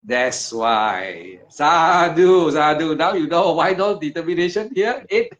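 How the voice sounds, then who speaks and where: A man's voice: on the high side, animated, a little slow. A man teaching meditation one-on-one, speaking in short, emphatic, repeated phrases of simple broken English. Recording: dull lo-fi recording.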